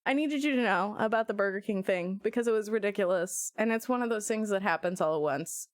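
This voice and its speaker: A woman's voice: mid-range voice, brisk, no echo, clean studio sound. A woman live-streaming, chatting casually and jokily with her viewers, often breaking into squeals and laughter. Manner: animated, jokey, sudden squeals and laughs.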